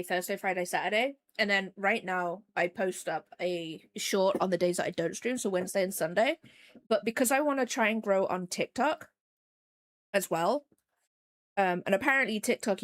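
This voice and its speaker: A woman streamer chatting casually with her viewers while she paints, rambling along with lots of fillers. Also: medium pitch. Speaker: streamer and digital artist.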